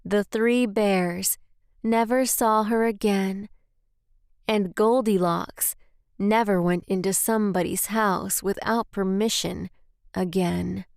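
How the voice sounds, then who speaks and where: A woman whose native language is Spanish, reading a children's story aloud in a slow, careful way. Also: mid-range voice, fairly even intonation, gravelly, a little mellow, clean tone, no room sound, studio quality.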